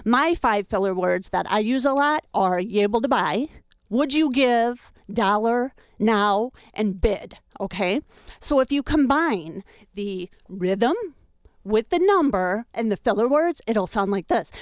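A woman auctioneer from Wisconsin explaining her chant in an interview, breaking into rapid rhythmic number calling and coaching the host to join in. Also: mid-range voice, expressive, dry recording. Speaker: champion auctioneer.

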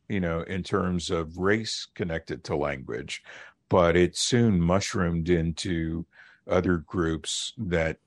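A middle-aged man, a linguist and professor, explaining his research as a guest on a radio interview in a measured way. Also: sits low, no room sound. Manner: measured, explanatory, with occasional fillers.

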